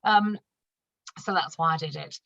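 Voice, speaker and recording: Woman training newbies over a video call, lowish voice, laughs a lot, upbeat and chatty, slightly dull dry sound. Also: unhurried, creaky, fairly bright tone, dry recording. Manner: chatty and upbeat, laughs often, demonstrates products while talking. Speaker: senior manager training new consultants. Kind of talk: casual online training session.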